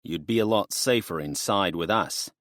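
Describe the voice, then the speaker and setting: A man's voice: low-pitched, moderate pace, a bit bright, dry recording, clean studio sound. A man voicing a jovial bearded truck driver from the backwoods, speaking in an exaggerated drawl.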